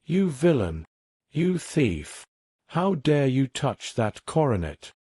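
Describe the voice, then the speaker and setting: A man's voice: medium pitch, big pitch swings, slow, dark tone, slightly rough, dry recording, studio quality, exaggerated voice. A man voicing an older banker father, stern and indignant toward his son. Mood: furious.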